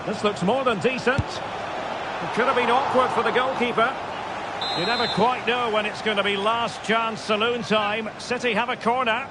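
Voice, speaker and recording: A man giving scripted football commentary in a video game, brisk short calls that rise at big chances. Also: extremely high pitch, steady tone. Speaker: play-by-play commentator. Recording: loud game crowd noise behind.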